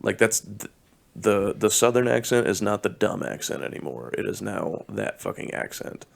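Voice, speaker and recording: Gravelly, profane podcast guy. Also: lowish voice, lively intonation, moderate pace. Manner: profane, blunt, wry. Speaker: podcast co-host. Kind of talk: crude casual chat.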